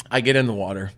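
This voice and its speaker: On a casual podcast, a male host with a medium-pitched voice, vocal fry and a breathy edge tells a profanity-laden story. He's an animated storyteller who performs the quotes he recounts.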